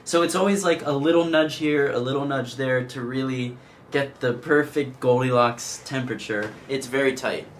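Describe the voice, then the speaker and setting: A man's voice: mid-range voice, normal speed, a little hiss or hum. A man who does voiceover work, giving a wry, laid-back tour of his apartment. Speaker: voiceover artist sharing an apartment.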